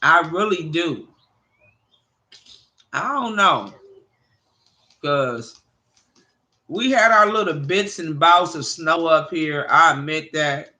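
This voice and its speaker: A woman hosting a livestream, chatting casually with viewers and telling animated, profane stories. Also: low-pitched, slow pace, long pauses. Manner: addresses viewers by name. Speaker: livestream host.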